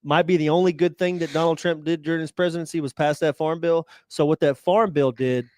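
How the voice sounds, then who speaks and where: A man co-hosting a podcast, chatting casually in a rambling way, with frequent halting restarts. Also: a little high, steady tone, a little mellow. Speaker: podcast co-host. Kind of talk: casual chat.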